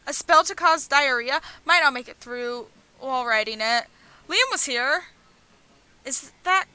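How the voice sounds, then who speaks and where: A young woman with a high, bright voice reads a dating game aloud on stream. She slips from the game's text into joking asides, laughs and swears as she goes. Her tone stays playful and loose throughout. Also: lively intonation, measured pace.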